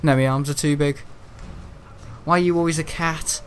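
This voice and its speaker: A man's voice: fairly high pitch, steady tone, normal speed, slight background noise. A man chatting casually on a gaming livestream, rambling and grumbling between frequent laughs. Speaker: gaming live streamer. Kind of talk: casual livestream chat while playing.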